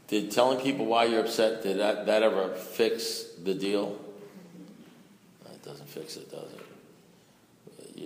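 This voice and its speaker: A man's voice: low-pitched, gravelly. An older man speaking at a recovery meeting, telling a profane, joking story and acting out both sides of the conversation. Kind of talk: storytelling talk to an audience. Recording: roomy hall with long echo.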